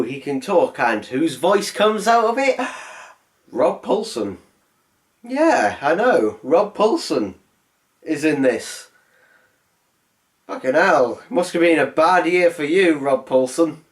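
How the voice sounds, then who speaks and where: A man voicing a sarcastic, rambling film review. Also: medium pitch. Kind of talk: comedic film review voice-over.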